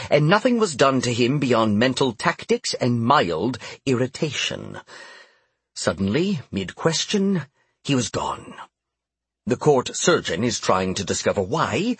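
A man voicing a guarded male duke who explains matters in a measured, matter-of-fact way. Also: mid-range voice, slightly rough, no room sound, exaggerated voice.

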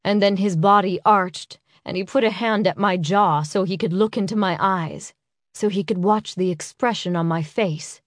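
Female audiobook narrator, mid-pitched, intimate and unhurried, dry close recording. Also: no room sound. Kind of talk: first-person romance audiobook narration.

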